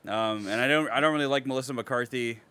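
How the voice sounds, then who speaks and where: A young man chatting casually on a podcast. His voice is bright and punchy. He is profane and excitable, trailing off into low mutters and then bursting out loud. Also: fast talker, clear, resonant tone. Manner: excitable, profane, swings from mumbling to loud outbursts. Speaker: podcast co-host.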